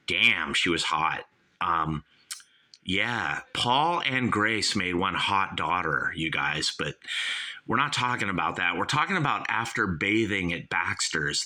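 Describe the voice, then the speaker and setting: Bright-toned, rambling boastful male host. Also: low-pitched. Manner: boastful, self-mocking, rambling; repeats "you guys" often. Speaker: talk show host. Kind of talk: rambling comic monologue.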